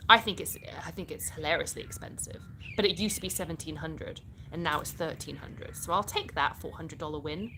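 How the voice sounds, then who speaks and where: A woman's voice: deep voice, a little fast, background noise. A British woman from the UK hosting a casual live stream, answering viewer comments in a chatty way and laughing often.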